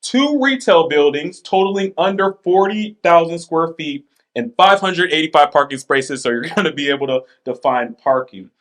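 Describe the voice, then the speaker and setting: A man's voice: on the high side, lively intonation, moderate pace, fairly bright tone. A man hosting a casual chat, reading items aloud with playful asides and laughs. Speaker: podcast host.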